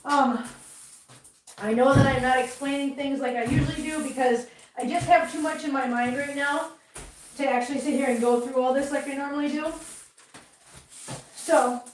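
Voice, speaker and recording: A high-voiced middle-aged woman rambles through a casual live chat while she tidies at home. She vents with heat between asides. Her voice comes from well back in a roomy space. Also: steady tone, moderate pace, long pauses, distant mic, a little hiss or hum. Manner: chatty, rambling, heated venting. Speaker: livestream host. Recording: roomy, from off-mic.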